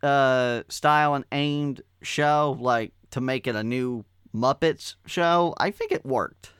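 A man's voice: medium pitch, takes it slowly, a bit bright, clean tone, dry recording, clean studio sound. A man chatting as a guest on a review podcast, rambling a little and restarting his sentences. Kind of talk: casual chat.

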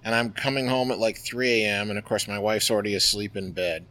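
A middle-aged man, a poker player, telling stories in a casual interview with a lively, chatty manner full of fillers. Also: on the low side, a little fast. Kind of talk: interview storytelling.

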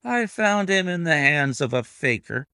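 A man's voice: fairly high pitch, big pitch swings, measured pace, pushed and bright, clear, resonant tone, dry recording, voice pushed up, full character voice. A man reading a cool, imperturbable detective. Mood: pleased. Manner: cool, composed, dry. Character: calm, imperturbable male detective, middle-aged.

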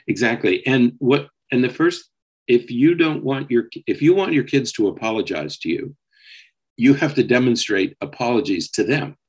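A man co-hosting a podcast, explaining parenting advice in a steady way and often checking in with "okay?". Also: medium pitch, moderate pace, husky, rough recording. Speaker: psychologist co-host. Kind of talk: casual podcast discussion.

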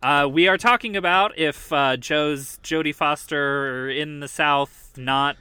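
Bright, clear-voiced male podcast host. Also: on the high side, takes it slowly, dry recording. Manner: joking, lots of fillers. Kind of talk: casual chat.

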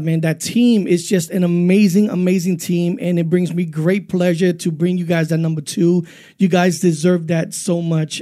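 A man hosts a music countdown with big, gushing energy, stumbling through restarts as he praises the artists. His voice sits high and sounds soft and mellow rather than bright. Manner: hyped, effusive, stumbling restarts. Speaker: radio DJ host. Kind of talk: countdown show hosting.

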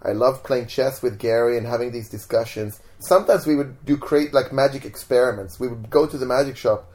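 A man from Sweden, speaking with a Swedish accent in a mid-range voice and a little fast, is a guest in a casual interview recorded at home. He tells stories in a relaxed, easy manner, with lots of "like"s and restarts.

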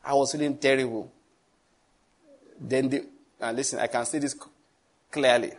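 Husky-voiced pastor telling his story. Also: medium pitch, steady tone, normal speed. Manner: storytelling, earnest, with chuckles and repetitions. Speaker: pastor teaching on prayer. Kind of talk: sermon-style personal testimony.

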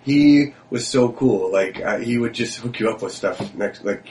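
A man's voice: medium pitch, a little slow, darkish tone. A man co-hosting a comedy podcast, telling rambling stories with lots of fillers and swearing. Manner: rambling storyteller, swears freely, many fillers. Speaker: podcast co-host. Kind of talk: casual comedic chat.

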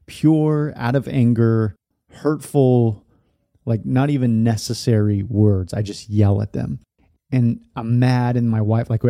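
Thirties male podcast host, low dark voice, rambling and candid, dry close mic. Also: no room sound. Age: 30s. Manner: candid, rambling with many fillers. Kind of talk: casual personal storytelling.

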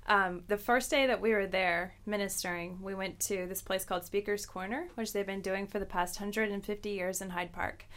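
A woman's voice: mid-range voice, fairly even intonation, normal speed, hardly any pauses, a bit bright. A woman from Texas, a guest on a podcast, telling stories in friendly casual chat and laughing often. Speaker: guest, actress and missionary.

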